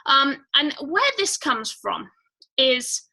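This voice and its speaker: High, bright-voiced woman hosting a chatty livestream. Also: big pitch swings, slow pace, creaky, a little hiss or hum, poor audio. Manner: rambling, chatty, many fillers; greets viewers by name. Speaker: livestream host. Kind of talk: casual livestream chat.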